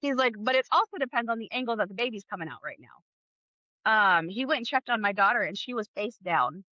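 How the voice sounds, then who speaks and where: A woman in her thirties, a podcast guest, telling her birth story in a casual, animated way, acting out the people she quotes. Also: on the high side, fairly quick, dry recording, lo-fi sound. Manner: animated, acts out quoted dialogue, laughs often.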